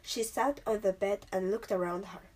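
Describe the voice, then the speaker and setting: A woman reading a storybook aloud as narrator, measured and expressive. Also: medium pitch, breathy edge.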